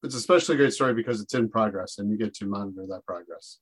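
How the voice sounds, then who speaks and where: An earnest man co-hosting an education podcast, his voice sitting on the low side. He explains classroom practice patiently and acts out what he'd say to students. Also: very fast, husky. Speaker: teacher podcast co-host. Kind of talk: casual educational discussion.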